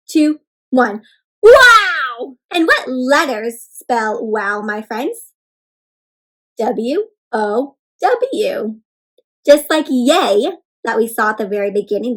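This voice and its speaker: A woman reading a picture book aloud to children in an animated, teacherly way, asking them to point and say words along with her. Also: fairly high pitch. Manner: animated, teacherly, prompting kids to join in. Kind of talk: interactive read-aloud for kids.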